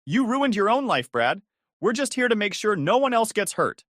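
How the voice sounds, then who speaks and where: A man's voice: high-pitched, big pitch swings, moderate pace, a bit bright, no echo, voice pushed up. A scornful, icy young woman, voiced by a male storyteller. She snaps her lines in a raised, cutting tone. The voice sits close in a dry space. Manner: cold, snapping.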